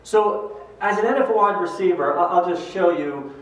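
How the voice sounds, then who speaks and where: An older man giving a motivational talk, telling animated stories and acting out the voices of the people in them. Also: sits high, moderate pace. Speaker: speaker at a pro-life event. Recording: echoey hall from far off.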